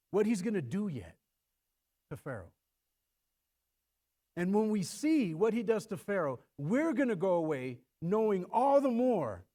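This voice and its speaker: A man preaching from the pulpit with a slightly raised pitch and a very animated, swinging delivery. He acts out voices in the story and often repeats his first words before a point. His tone moves freely from loud stresses to quiet asides. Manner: repeats words when starting a thought. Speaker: pastor. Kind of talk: sermon.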